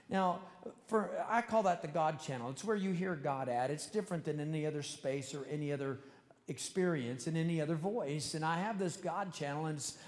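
A man with a somewhat high voice delivers a sermon in a conversational, earnest way, now and then speeding up for animated asides. His voice carries a long reverb from a large hall where he speaks before a congregation. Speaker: preacher.

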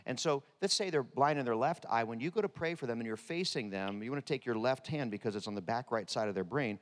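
A man preaching a sermon in a humorous way, with deadpan jokes and lively asides. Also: mid-range voice, fast talker. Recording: long reverb of a large hall.

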